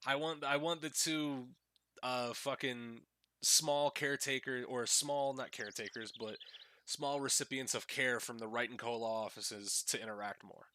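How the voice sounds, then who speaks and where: A man's voice: medium pitch, fairly even intonation, moderate pace. A male streamer making crude, joking asides while he plays a game. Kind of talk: casual game commentary. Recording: loud game music behind.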